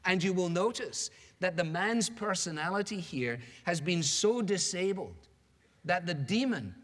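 A man preaches a sermon in an emphatic, rhetorical style, building his points through repetition. His voice sits a little high for a man. The sound rings with the long reverb of a large hall. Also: expressive, a bit bright. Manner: emphatic, dramatic pacing with slowed stressed phrases; repeats phrases for rhetorical build.

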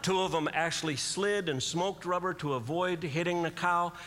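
A man with a high, light voice performs stand-up comedy on a live stage, throwing in sound effects and quick voices. The hall rings with a long reverb, and the audience is clearly heard around him. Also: fairly bright tone, slight background noise.

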